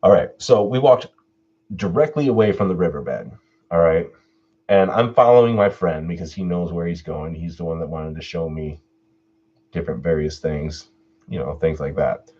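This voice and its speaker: A man hosting his own live stream Q&A, telling a personal story in a laid-back way, swearing freely and getting animated when he retells what people said. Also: low-pitched, moderate pace, slightly rough, lo-fi sound. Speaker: channel host doing a live stream Q&A.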